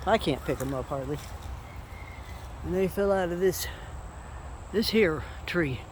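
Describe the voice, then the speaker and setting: A woman walking around her homestead yard with a handheld camera, chatting casually and talking to her animals as she goes. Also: lowish voice. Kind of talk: casual walk-and-talk vlog. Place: outdoors on a homestead yard after a storm. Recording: noisy outdoor recording.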